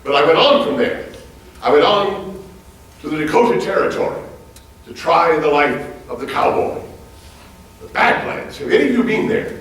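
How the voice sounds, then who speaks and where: An actor playing a hearty, bookish former president on stage, quizzing a live audience in formal, old-fashioned phrasing. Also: male voice, fairly high pitch, moderate pace, pauses often. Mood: spirited. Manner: animated, quizzes the audience with lively questions. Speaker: historical reenactor on stage. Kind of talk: live one-man stage portrayal. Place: large auditorium stage before a live audience. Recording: very echoey hall, mic far off.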